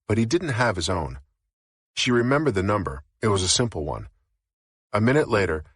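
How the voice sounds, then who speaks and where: A man narrating a novel as an audiobook in a steady, even reading. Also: low-pitched, breathy edge, dry recording, clean studio sound.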